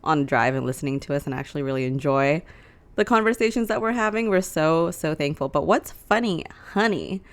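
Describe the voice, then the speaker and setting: A young woman talks casually as a podcast co-host, her voice sitting low for a woman. She is chatty and laughs often, recorded in a small living room. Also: fairly even intonation, fast talker, clear, resonant tone. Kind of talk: casual chat.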